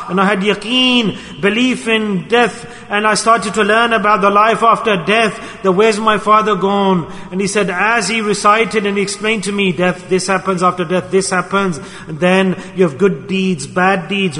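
A man preaching a sermon to a gathering of brothers, telling a story and acting out its quotes in a lively way. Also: high voice. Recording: reverberant hall.

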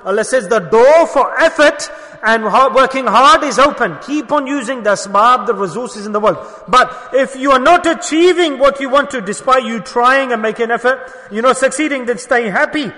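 A man preaching a sermon in an emphatic way, asking rhetorical questions and dropping to soft murmurs. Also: very high voice, moderate pace, in a large hall.

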